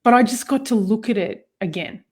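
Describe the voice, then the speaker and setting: A woman's voice: on the high side, a little fast, husky. Chatty woman laughing through a story. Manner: animated storytelling, laughs often, frequent fillers. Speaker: co-host. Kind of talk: personal conversation about healing.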